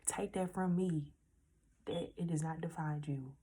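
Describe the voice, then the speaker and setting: Young woman vlogger, 19, deep and breathy, earnest and slangy, talking straight to viewers. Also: fairly even intonation, measured pace, warm tone. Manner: earnest, repeats reassurances directly to viewers; casual slangy speech. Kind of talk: heartfelt storytime vlog.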